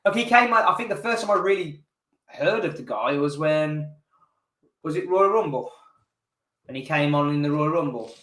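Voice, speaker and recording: A man's voice: on the high side, animated, normal speed, pauses often, a bit bright. A man co-hosting a wrestling podcast, blunt and candid in casual chat. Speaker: podcast co-host. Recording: roomy echo.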